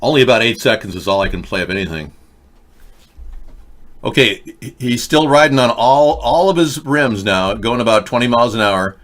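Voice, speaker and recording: A man hosting a live online talk show, rambling through casual commentary with wry asides to his viewers in a fairly monotone voice. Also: mid-range voice, normal speed. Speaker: host.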